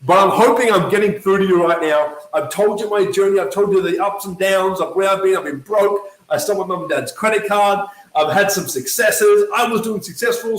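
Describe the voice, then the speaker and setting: Brief: high-pitched male sales coach, animated and emphatic, echoey room. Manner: emphatic, keeps checking in with "okay?" and "right?"; lively, acts out quoted voices. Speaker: network marketing coach. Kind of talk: motivational talk to camera.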